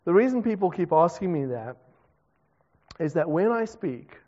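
A man's voice: sits high, big pitch swings, moderate pace, warm tone. South African man preaching in a hall. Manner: conversational preaching with self-deprecating laughs. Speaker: pastor. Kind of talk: sermon. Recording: dull reverberant hall recording.

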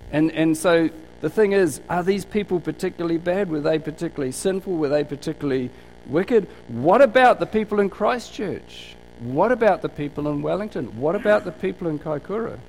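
Male NZ preacher, gravelly edge, chatty storytelling sermon, rhetorical questions. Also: a little high, expressive, fairly quick, a little mellow, a little hiss or hum, rough recording. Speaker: pastor.

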